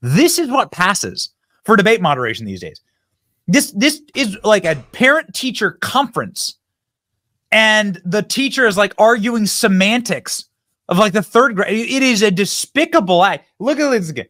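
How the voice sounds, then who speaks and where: A man's voice: sits high, very animated, moderate pace, bright, forceful tone, no echo, clean studio sound. A man hosting a reaction commentary channel, talking back at news clips in an indignant, mocking way.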